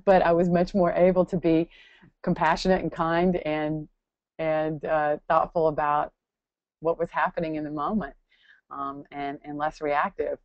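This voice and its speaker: Low-voiced woman giving a thoughtful talk. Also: unhurried, no room sound, lo-fi sound. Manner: thoughtful, searching for words, many restarts; acts out quoted voices with lively expression. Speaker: guest speaker. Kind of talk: answering audience questions in a talk.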